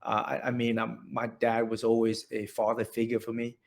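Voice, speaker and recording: A man in his forties from central Vietnam with a Vietnamese accent, telling his story in an oral history interview, halting and restarting often. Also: medium pitch, monotone, vocal fry. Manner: halting, many restarts and repeated words.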